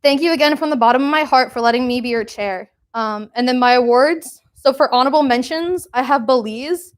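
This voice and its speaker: Young woman, committee chair, award speech, emotional, slightly high voice. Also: brisk. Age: young adult. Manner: emotional, trying not to cry.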